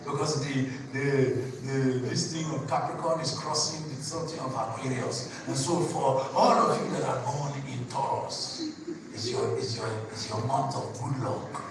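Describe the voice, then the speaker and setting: A man, a pastor preaching a sermon, switching between low asides and sudden shouted bursts while he questions the congregation. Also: expressive, moderate pace. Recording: echoey hall from far off with noise.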